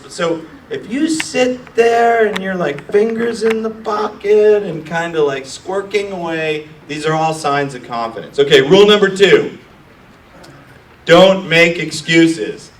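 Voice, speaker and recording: A man's voice: a little high, takes it slowly, distant mic. Brash, profane man in an echoey room. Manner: brash, profane, mocking, acts out nervous founders. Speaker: startup accelerator founder coaching founders. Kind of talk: blunt live talk to an audience. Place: room with an audience.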